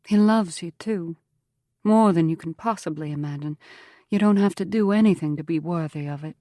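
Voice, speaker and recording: A woman reading the part of a gentle, faithful young frontier woman speaking tenderly and reassuringly. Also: lowish voice, moderate pace, no room sound, clean studio sound, lightly acted. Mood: tender reassurance. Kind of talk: audiobook character voice.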